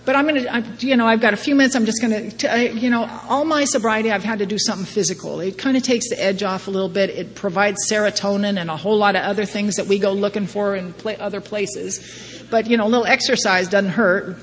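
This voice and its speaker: A woman's voice: mid-range voice, steady tone, fast. Middle-aged woman sharing her story in a reverberant hall. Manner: self-deprecating, wry, laughs often. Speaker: recovery meeting speaker. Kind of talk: personal testimony talk. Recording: long hall reverb, faint background noise.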